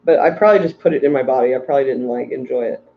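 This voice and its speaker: A man's voice: mid-range voice, rapid-fire, gravelly, lo-fi sound. A tired man hosting a casual livestream about aquarium fish, rambling and ranting while reading out chat messages. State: tired from little sleep.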